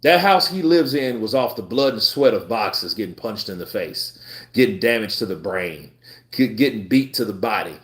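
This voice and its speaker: A man hosting a live boxing stream, chatting casually with his viewers in a blunt, profane, animated way. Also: lowish voice, moderate pace. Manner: animated, profane, talks back to chat. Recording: roomy echo.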